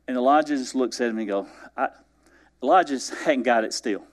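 A man's voice: medium pitch, brisk. A man preaching a sermon, retelling scripture with acted-out dialogue and questions to the congregation. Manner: animated storytelling, acting out biblical dialogue.

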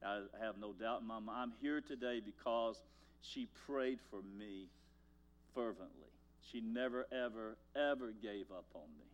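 Older man, pastor, sermon, folksy storytelling, mid pitch, loud-to-quiet swings. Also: animated, normal speed.

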